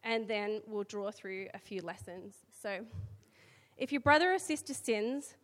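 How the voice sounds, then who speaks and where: A woman's voice: medium pitch, expressive, unhurried, fairly bright tone. Australian woman preaching in an echoey hall. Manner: chatty asides, filler words between readings. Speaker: church speaker. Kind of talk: conversational sermon with scripture reading. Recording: long hall reverb.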